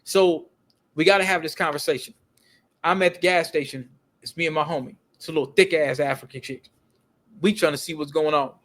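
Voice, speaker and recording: A man's voice: fairly high pitch, steady tone, a little fast, a bit bright. A man telling stories in a casual, emphatic rant, full of street slang and repeated words. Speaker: video commentator.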